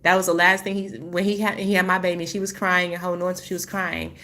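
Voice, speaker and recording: A woman vlogger telling a painful personal story in a halting, emotional way, full of restarts, then turning to encouragement for her viewers. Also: lowish voice, level tone, a bit bright. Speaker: spiritual healing vlogger.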